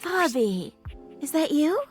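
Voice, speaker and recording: A woman's voice: high-pitched, big pitch swings, slow, faint music behind, exaggerated voice. A doting motherly bed. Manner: fond, teasing, motherly. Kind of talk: video game voice acting.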